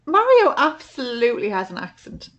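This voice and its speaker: A woman on a podcast throwing in quick, teasing remarks during a casual film chat. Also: fairly high pitch, huge pitch swings, fairly bright tone. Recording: dull lo-fi sound.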